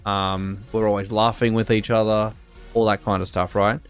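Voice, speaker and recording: A man's voice: lowish voice, little pitch movement, moderate pace, smooth, soft background music. A young Australian man telling a work story in a casual, rambling way, full of fillers and restarts and getting indignant. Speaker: streamer.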